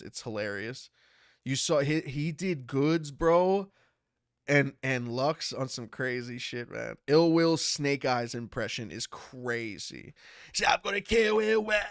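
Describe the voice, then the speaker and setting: A man in his thirties, a streamer and battle rapper, speaks with a medium-pitched, clean voice in clean studio sound with no room echo. Stuffy and congested from a cold, he rambles casually on a livestream, swearing and laughing as he reads the chat.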